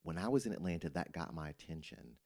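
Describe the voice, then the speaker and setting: Male pastor, middle-aged, very deep voice; reflective and teacherly, casual podcast chat. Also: very animated, quick pace, creaky, darkish tone. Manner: reflective, teacherly, explains scripture.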